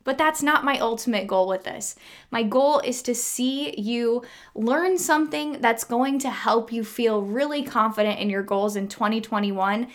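A woman's voice: a little high, measured pace. A woman hosting a fitness podcast, talking upbeat and enthusiastic straight to her listeners. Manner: upbeat, enthusiastic, direct address. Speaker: podcast host. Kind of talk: podcast interview and ad read.

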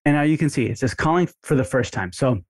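A man teaching a coaching lesson, talking energetically and acting out sample phone calls in bright put-on voices. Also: medium pitch, lively intonation, fast, husky, no room sound, studio quality. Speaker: marketing instructor. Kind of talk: coaching lesson with screen walkthrough.

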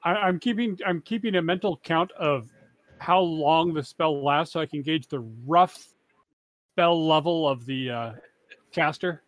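Quiet, matter-of-fact man, dry sound. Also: on the high side, a little slow, no room sound. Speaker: player. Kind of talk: casual tabletop game banter.

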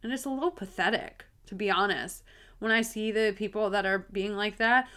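A woman's voice: mid-range voice, moderate pace, fairly bright tone. A candid woman in her thirties hosts a casual solo podcast in a light drawl. She talks bluntly, swears freely and laughs easily between points. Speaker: podcast host.

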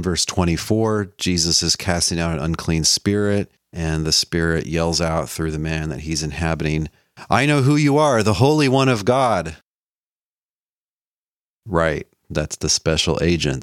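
A man with a low, deep voice lectures in an easy, conversational way. He walks the listener through a text and lifts his voice for quoted lines. The sound is close and dry, with no room around it. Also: dry recording. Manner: conversational teaching, quoting scripture with a lifted voice. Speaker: lecturer on the Bible. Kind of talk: explanatory lecture.

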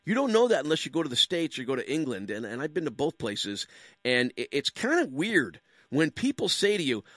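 Lively Canadian man telling jokes. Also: fairly high pitch, a little fast, no room sound, studio quality. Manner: animated, jokey, full of rhetorical questions and asides. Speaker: public speaker. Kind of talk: humorous storytelling monologue.

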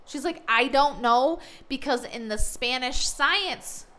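A woman's voice: high voice, slow pace. A woman who teaches school tells a funny story in casual chat, acting out the voices of the people in it. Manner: animated storyteller who acts out the voices of others.

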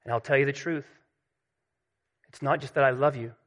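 A man voicing Jesus as a gentle savior, speaking softly and tenderly. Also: fairly even intonation, moderate pace, natural voice. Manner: soft, low, tender.

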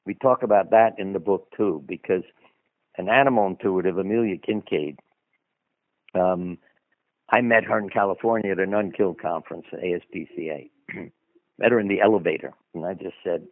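A man's voice: low-pitched, steady tone, normal speed, dry recording. A man being interviewed as a guest author, telling anecdotes in a conversational, rambling way with asides. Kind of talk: anecdotal storytelling in a radio interview. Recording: dry phone-line audio.

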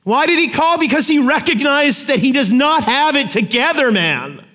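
A man preaching a sermon, telling stories with lively acted-out quotes. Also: very high-pitched, normal speed, big-room sound. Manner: animated storytelling, acts out quotes. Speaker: pastor.

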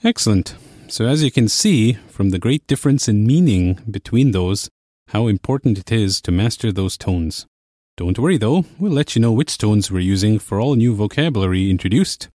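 Patient male language teacher, lowish voice. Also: mellow, no room sound, clean studio sound. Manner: clear, patient explaining. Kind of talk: scripted lesson narration.

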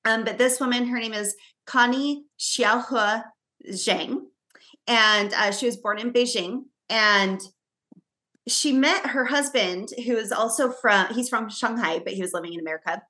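Bright-voiced chatty woman co-host. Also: fairly high pitch, unhurried. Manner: chatty storyteller, frequent fillers and restarts. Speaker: podcast co-host. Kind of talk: casual chat.

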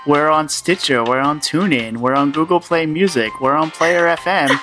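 A man's voice: fairly high pitch, normal speed, sharp tone, soft background music. A man co-hosting a gaming podcast in a casual, joking way, plugging the show's links. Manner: joking, casual, plugs the show. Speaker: podcast co-host.

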